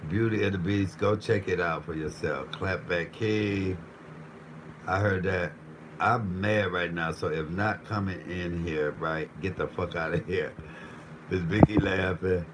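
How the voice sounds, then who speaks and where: A man hosting a live stream while cooking, ranting with heavy profanity and swinging between low muttering and raised shouting. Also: steady tone, unhurried, noisy background. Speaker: livestream host.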